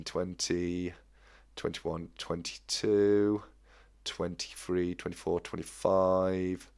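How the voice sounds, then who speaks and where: A man's voice: low voice, creaky. A man hosting a casual live stream, chatting loosely and reading out and counting viewer comments. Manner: chatty, restarts phrases, counts comments aloud. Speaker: livestream host.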